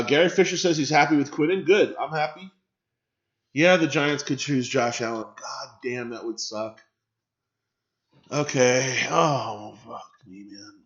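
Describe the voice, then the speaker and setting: A man's voice: medium pitch, a bit bright, dull audio. A man hosting a casual live stream, chatting and reacting to viewer comments and swearing freely.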